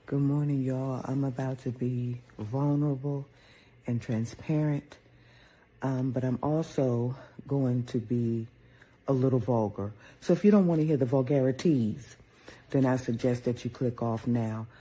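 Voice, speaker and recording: A man tells a crude, confessional comic story full of swearing. His tone is mellow and a little husky. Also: mid-range voice, fairly even intonation, measured pace. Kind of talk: vulgar comedic monologue clip.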